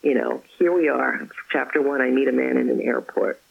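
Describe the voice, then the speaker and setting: A woman, an author, chatting as an interview guest and telling stories about her faith with effusive warmth. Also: extremely low pitch, fairly even intonation, a little fast, vocal fry, breathy edge, phone-quality sound. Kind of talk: casual interview chat.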